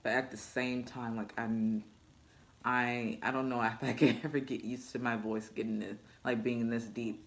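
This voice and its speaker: A young woman, a new mother, chatting casually in a vlog with a deep, low voice, laughing often as she talks. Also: flat delivery, normal speed. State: recovering after childbirth.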